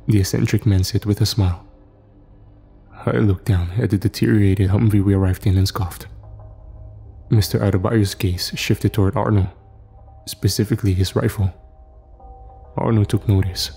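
A man narrating a scripted horror story in a steady, measured way. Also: on the low side, gravelly, slightly rough. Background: faint music.

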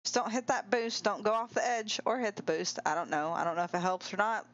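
A woman streamer giving excitable, giggly live commentary on a game race and cheering the players on. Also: medium pitch, fairly quick, lo-fi sound.

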